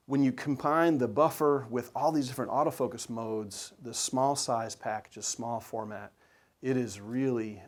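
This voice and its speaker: A man, a sports and wedding photographer, giving an enthusiastic, conversational presentation to an audience, with frequent fillers. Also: medium pitch.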